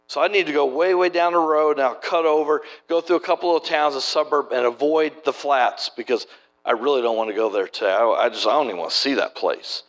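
A man's voice: medium pitch, a little fast. A middle-aged man preaching a sermon, telling stories in a folksy, conversational way with many restarts. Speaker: preacher and church planter. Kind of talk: sermon storytelling.

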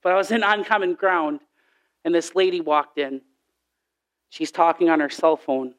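A man preaching a sermon, telling Bible stories in an animated way and acting out the voices in the quotes. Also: a little high, moderate pace.

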